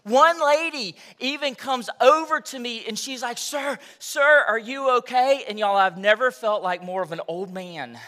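A man's voice: high-pitched, normal speed, few pauses, a bit bright. A male pastor preaching a sermon in a casual storytelling way, talking to the congregation as y'all. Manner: conversational storytelling, addresses crowd as y'all.

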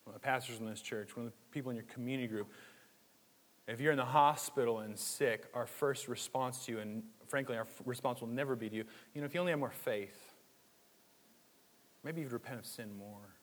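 A man preaching a sermon in a church, conversational and animated, with jokes and asides. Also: mid-range voice, brisk, big-room sound. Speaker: pastor.

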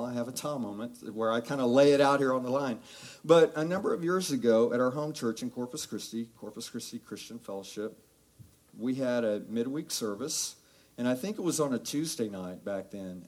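A pastor with a medium-pitched voice preaches a sermon, telling Bible stories in a conversational, animated way and acting out the voices of the people he quotes.

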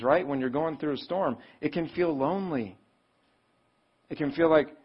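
A man's voice: normal speed, breathy edge, dull audio. A male pastor preaching a sermon in a conversational way, asking the congregation questions and acting out pleading voices. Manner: conversational, asks the audience questions; acts out pleading voices with rising pitch.

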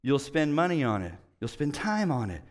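Middle-aged male pastor, fairly high voice, animated self-mocking sermon storyteller. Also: moderate pace.

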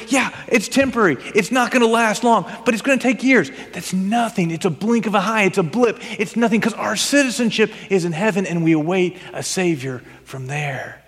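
A middle-aged pastor from the United States giving an animated, emphatic sermon with touches of humor. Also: male voice, sits high, normal speed, hardly any pauses. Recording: long hall reverb.

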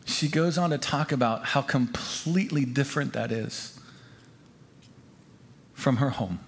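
A man preaching a sermon as pastor, delivering his points with expressive, rising emphasis. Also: mid-range voice, unhurried, vocal fry.

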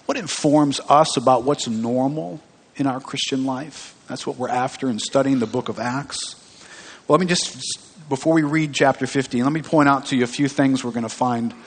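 A male pastor preaches in a casual, questioning way, speaking at a middle pitch. His voice rings out with a long reverb from the church hall around him. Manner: conversational preaching, asks the congregation questions. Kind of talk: sermon. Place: church sanctuary.

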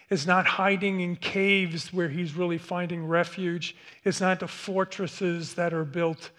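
A man preaching a sermon, speaking slowly and haltingly with many restarts. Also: sits high, fairly bright tone. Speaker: pastor.

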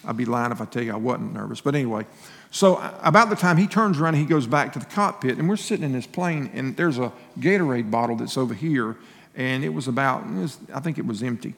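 A man's voice: mid-range voice, expressive, fast talker, creaky, in a large hall. A male pastor giving a sermon in a folksy, conversational way, telling personal stories with restarts and laughing asides.

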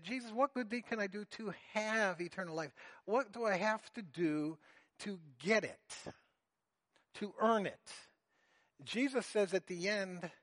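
A man preaching a sermon, earnest and deliberate, explaining a Bible passage to his congregation. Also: high-pitched, fairly bright tone. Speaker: pastor.

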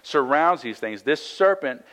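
A man's voice: on the high side, lively intonation, unhurried, fairly bright tone, low-quality recording. Man preaching a conversational sermon. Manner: conversational, frequent "right?" asides and restarts; reads scripture aloud then explains it. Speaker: pastor.

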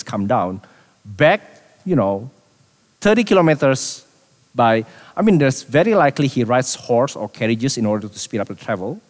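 A man preaching a sermon as a pastor, animated, repeating himself and dropping quiet for emphasis. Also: medium pitch, in a large hall.

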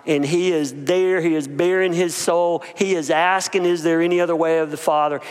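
A man's voice: on the high side, steady tone, moderate pace, hardly any pauses, clean tone, big-room sound. A male pastor preaching a conversational sermon, with fillers and casual asides between scripture readings.

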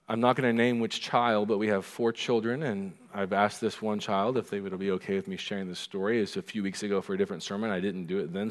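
A middle-aged man preaching a sermon as pastor, animated, acting out the lines he quotes. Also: lowish voice. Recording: long reverb of a hall.

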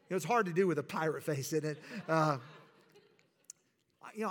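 A man preaching a sermon as pastor, emphatic, with sudden drops to quiet asides. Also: a little high, moderate pace, long pauses. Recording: reverberant hall.

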